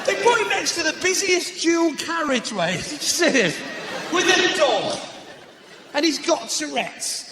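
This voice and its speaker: High, lively stand-up comedian man. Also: a loud crowd, heavy background noise. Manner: quick banter, mocking asides, bursts of shouting. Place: large comedy venue. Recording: live show with loud audience laughter.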